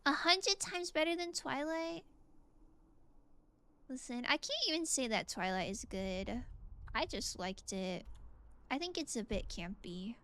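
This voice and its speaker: Bright, gravelly high-voiced woman streamer. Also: measured pace, pauses often. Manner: relaxed, musing, reads and answers chat. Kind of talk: casual gameplay chat with chat.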